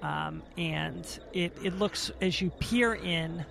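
A woman narrating as game master of a tabletop game, unhurried and descriptive, with fillers. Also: fairly low pitch, creaky, a bit bright, a little hiss or hum.

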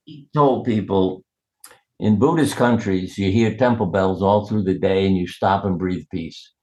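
An older man, a guest in an interview, telling personal stories in a warm, anecdotal way and chuckling at them. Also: deep voice, measured pace. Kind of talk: storytelling in conversation. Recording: roomy echo.

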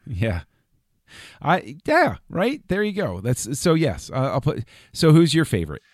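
A man's voice: a little high, wildly swooping pitch, measured pace, no echo, clean studio sound. A man on a podcast chatting casually, enthusiastic and chuckling often, trailing off and restarting his thoughts. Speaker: podcast co-host.

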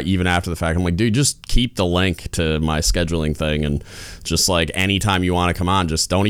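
Deep-voiced man hosting a casual podcast. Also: a bit bright, clear, resonant tone, no echo. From United States. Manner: rambling, lots of fillers and restarts. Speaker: podcast host. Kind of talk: casual chat.

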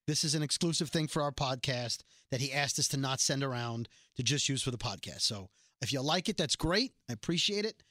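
A man hosting a casual podcast from a radio studio, telling stories in a lively, chatty way. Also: medium pitch, brisk, no room sound. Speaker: radio morning-show host, podcast host.

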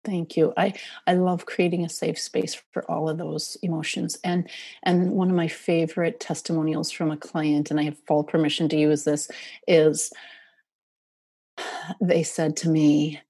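A woman's voice: low-pitched, little pitch movement, normal speed, dark tone, slightly rough, dry recording. A middle-aged woman, a parent coach, answering interview questions earnestly and sometimes sinking to a near whisper. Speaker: parent coach for eating disorder families. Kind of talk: podcast interview.

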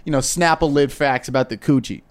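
A young man co-hosting a comedy podcast, joking around and slipping into quick voices for bits. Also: medium pitch. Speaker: podcast co-host. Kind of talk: crude comedic podcast banter.

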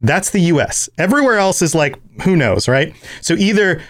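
A man's voice: a little high, sing-song, moderate pace. A man from the United States hosting a podcast, chatty and laughing a lot in casual interview talk. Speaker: podcast host.

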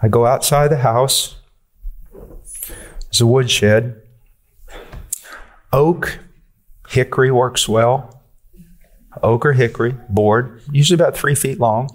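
A man's voice: medium pitch, takes it slowly, long pauses. A man preaching a sermon, earnest and direct, pressing his listeners with questions and using blunt, dry humor.

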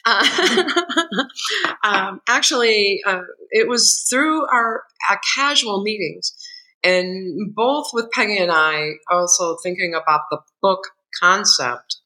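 A woman's voice: mid-range voice, slow pace, poor audio. A woman co-author chatting casually, telling stories and laughing often. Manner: laughs often, lively storyteller. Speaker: co-author guest. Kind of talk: casual conversational storytelling.

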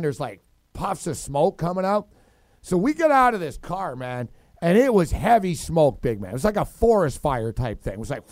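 A man on a sports radio show, animated, telling a story and shouting out other people's lines. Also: on the high side, creaky, no echo, studio quality. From Southern California.

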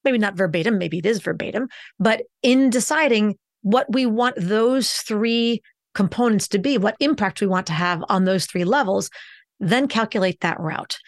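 A woman's voice: medium pitch, normal speed, dry recording. Woman coaching on a dry podcast mic. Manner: instructive, varies pace to stress points. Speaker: communication coach, podcast guest. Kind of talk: expert explaining on a podcast.

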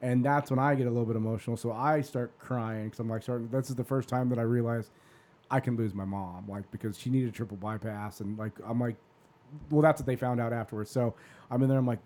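A man's voice: medium pitch, steady tone, fast, darkish tone. A man in his forties, a podcast host, telling a long personal story in a rambling, casual way and swearing freely.

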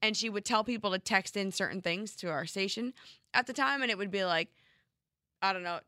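Bright-voiced playful woman co-host. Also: mid-range voice, no echo, studio quality. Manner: playful, teasing, quick to joke. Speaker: podcast co-host. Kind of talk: casual chat.

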